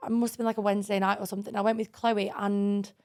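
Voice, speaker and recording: A woman co-hosting a podcast, telling dating stories in a lively, swearing, laughing way. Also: mid-range voice, rapid-fire. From England. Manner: animated, swearing, laughing storyteller. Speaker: podcast co-host. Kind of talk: casual chat.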